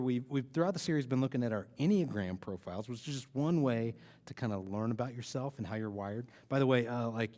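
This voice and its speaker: A man's voice: mid-range voice, darkish tone. Guy doing a chill youth sermon, rambly, says like and uh a lot, long echo like a big hall. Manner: loose, rambling, lots of "like" and "uh", chuckles. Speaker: youth pastor. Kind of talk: casual sermon talk.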